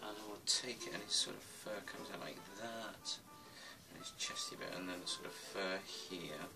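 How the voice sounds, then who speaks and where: A low, gravelly man talks himself through a casual drawing tutorial, muttering half to himself as he sketches. Music plays clearly underneath his voice. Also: moderate pace, rough recording. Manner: mutters to himself while working, rambling.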